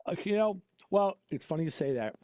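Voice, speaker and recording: A man's voice: high voice, animated, a little fast, darkish tone, no echo, studio quality. A man hosting a casual talk show, a mechanic who tells rambling shop stories with frequent laughs. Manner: rambling storyteller, laughs often. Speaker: podcast host and auto mechanic. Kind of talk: casual chat.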